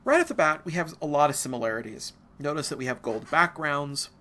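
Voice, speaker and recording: A man's voice: on the high side, a little fast, sharp tone. An American man giving a casual, digressive art history lecture, full of asides and fillers. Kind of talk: recorded university lecture.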